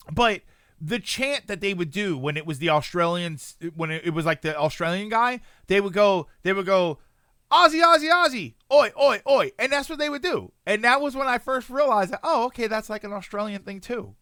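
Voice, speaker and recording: A man's voice: high-pitched, lively intonation, a little fast, a bit bright, smooth, dry recording, studio quality. A man streaming live, chatting casually and rambling as he answers his chat and corrects himself often.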